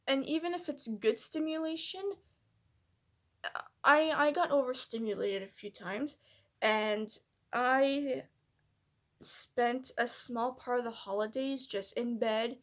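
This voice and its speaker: A woman vlogger talking candidly and reflectively to her camera, hesitant and soft-spoken, with many fillers and restarts. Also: a little high, takes it slowly, long pauses. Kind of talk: personal reflective vlog.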